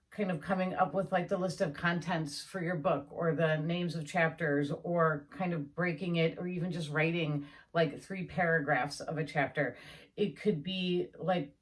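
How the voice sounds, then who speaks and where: A woman coach leading a guided imagery meditation in a fairly low voice. She talks the listener through breathing and visualization, soothing and encouraging, and slips into excited, joyful affirmations. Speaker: life coach.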